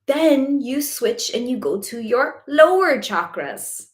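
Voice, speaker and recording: On a live stream, a woman spiritual coach answers questions in a high voice with big pitch swings and a slow pace, the room echoing around her. She's chatty, emphatic and blunt, often checking in with "okay?" and swearing casually as she speaks candidly.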